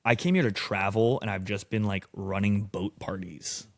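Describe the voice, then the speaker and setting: Young American man, low gravelly voice, casual profane storyteller, dry studio sound. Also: steady tone, moderate pace, dry recording. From United States. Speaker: podcast guest. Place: podcast studio.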